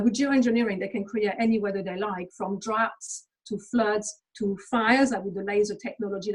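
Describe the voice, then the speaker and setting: Blunt, sweary Englishwoman, husky voice. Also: medium pitch, rough recording. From England. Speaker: interview guest. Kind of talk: casual conversational rant.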